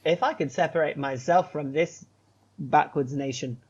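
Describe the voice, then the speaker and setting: A man's voice: on the high side, moderate pace, highs cut off. A man co-hosting a casual podcast, talking earnestly and emphatically, then with playful self-mockery. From United Kingdom. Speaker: podcast co-host.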